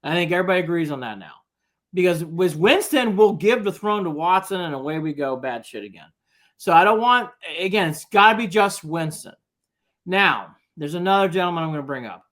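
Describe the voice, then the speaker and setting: A man's voice: sits high, animated, brisk, a bit bright. Give me an emphatic male sports co-host. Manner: emphatic, lays out his points. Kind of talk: sports talk.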